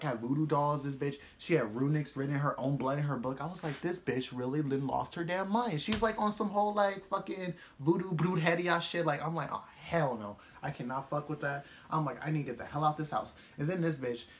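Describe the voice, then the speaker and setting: A young man telling a casual storytime vlog, profane and animated, laughing often as he talks. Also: fairly high pitch. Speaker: vlogger.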